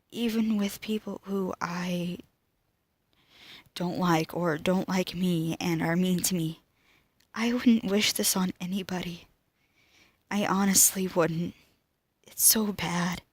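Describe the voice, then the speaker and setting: Teenage girl, emotional personal talk, halting, often whispered, slow, dry close mic. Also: on the low side, fairly even intonation, a little mellow, slightly rough, dry recording. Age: teens. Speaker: student vlogger.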